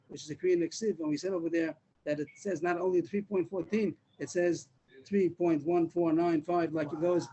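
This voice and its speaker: A man's voice: fairly high pitch, mellow, low-quality recording. A man teaching a Talmud class over a video call, explaining step by step with repeated words and restarts. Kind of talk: Daf Yomi class.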